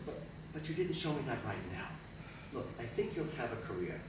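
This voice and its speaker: A man's voice: medium pitch, sing-song, fairly quick, background noise, natural voice. A man on stage playing a blunt, critical middle-aged talent agent. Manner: blunt, critical, matter-of-fact. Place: theater stage. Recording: live stage, distant roomy hall.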